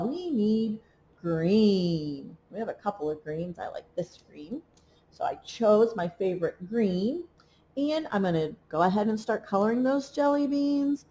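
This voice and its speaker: Woman, preschool teacher for a remote lesson; slow, lilting, encouraging delivery. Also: medium pitch, darkish tone, a little hiss or hum. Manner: slow, encouraging, sing-song counting and rhymes. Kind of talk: remote read-along lesson for young children.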